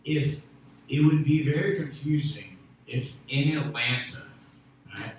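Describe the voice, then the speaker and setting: A man from Memphis doing a stand-up comedy set, rambling and restarting, with loud bursts on his punchlines. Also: medium pitch, slow pace. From Memphis, USA. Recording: echoey room with faint ambient noise.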